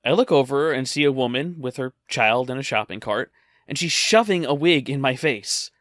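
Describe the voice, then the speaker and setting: A man's voice: medium pitch, normal speed, no room sound, clean studio sound. A man narrating a personal story in a wry, conversational way. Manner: wry, conversational, lively delivery.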